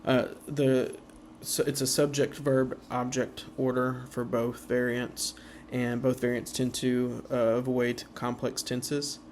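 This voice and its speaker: A man giving an informal slideshow presentation, halting with many fillers and slowing down to sound out example words. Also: medium pitch, little pitch movement, a little mellow, a little hiss or hum.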